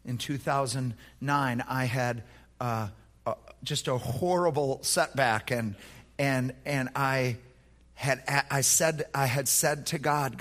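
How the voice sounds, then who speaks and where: Husky, bright-voiced pastor preaching. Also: male voice, mid-range voice, slow pace, pauses often, big-room sound. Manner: passionate, swinging from hushed to shouting. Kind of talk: sermon.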